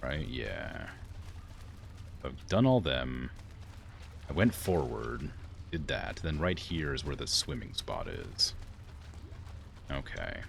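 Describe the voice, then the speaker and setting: A man with a very deep, very animated voice streams a game and chats casually, taking his time with vocal fry and frequent pauses. His tone is fairly bright, with a little hiss or hum in the audio. He rambles through viewer questions while playing, leaning heavily on "like" as a filler.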